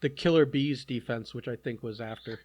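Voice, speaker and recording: A man hosting a podcast chimes in casually with short remarks and the occasional correction. His voice sits at a middle pitch. The sound is dry and close. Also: normal speed, darkish tone, no room sound. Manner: short interjections, offering corrections. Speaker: podcast host. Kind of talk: casual chat.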